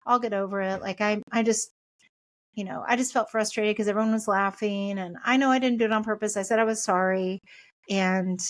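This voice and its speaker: A woman in her thirties hosts a podcast on her own, speaking gently and conversationally. She wanders through her points with frequent fillers and restarts, in a voice of ordinary middle pitch. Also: fairly even intonation, a little fast. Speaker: podcast host. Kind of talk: casual solo podcast talk.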